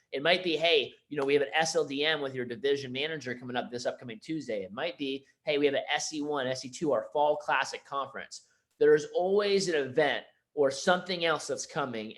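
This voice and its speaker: A young man giving a casual training talk to sales managers, energetic and conversational, acting out bits of phone calls. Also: medium pitch.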